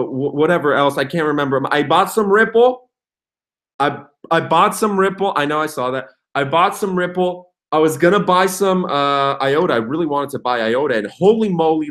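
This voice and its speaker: Excitable animated young man streaming live. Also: fairly high pitch. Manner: excitable, rambling, reads chat comments aloud. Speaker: crypto livestream host. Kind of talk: casual livestream chat.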